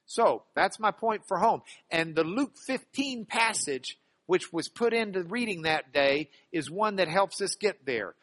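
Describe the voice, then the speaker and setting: A man preaching a sermon in church, lively and humorous, acting out the Bible passages he quotes. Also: sits high, unhurried, few pauses. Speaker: pastor.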